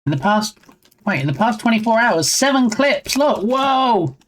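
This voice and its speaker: A talkative streamer on a desk mic, casually chatting with viewers. The voice rises and drops a lot, and the tone stays playful and jokey throughout. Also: normal speed. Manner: chatty and joking, reading viewer names aloud; lively swings in pitch. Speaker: livestream host. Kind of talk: casual live-stream chat.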